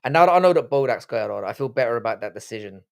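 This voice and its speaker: A man's voice: medium pitch, expressive, racing, vocal fry. A tired man in his thirties hosting a live stream, swearing freely and rambling with lots of restarts. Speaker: livestream host. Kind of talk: casual live-stream chat.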